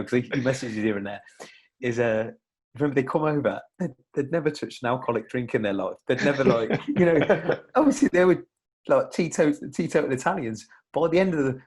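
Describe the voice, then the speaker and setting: A man's voice: medium pitch, darkish tone, husky. A young man, a podcast guest, chatting casually in a rambling way with many restarts and fillers. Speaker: podcast guest, fitness coach.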